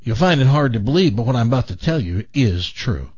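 A man's voice: medium pitch, big pitch swings, brisk, darkish tone, husky, dry recording, dull audio. A man voicing a matter-of-fact, confiding man at a bar who tells his own strange story. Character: ordinary man with a tiny head, wry and matter-of-fact.

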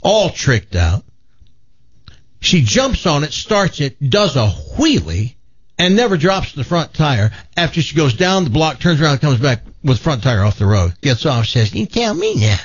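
Lively, husky-voiced male radio host. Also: on the high side, unhurried, dry recording, highs cut off. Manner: animated storyteller. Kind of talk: casual chat and joke telling.

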